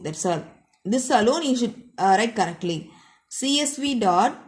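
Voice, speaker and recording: A woman gives a computer science lesson in a slightly high voice. She walks through the code step by step and repeats key points. She keeps closing each point with the same short phrase. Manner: repetitive, explanatory, keeps ending points with a set phrase. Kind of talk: classroom coding lecture.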